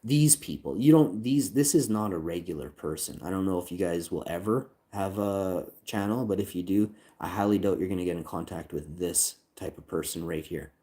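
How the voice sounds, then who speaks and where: Angry ranting man, dark voice. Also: low-pitched, normal speed, few pauses. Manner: agitated, profane, repeats himself, reads chat lines aloud. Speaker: channel owner livestreaming a complaint. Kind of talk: angry livestream rant.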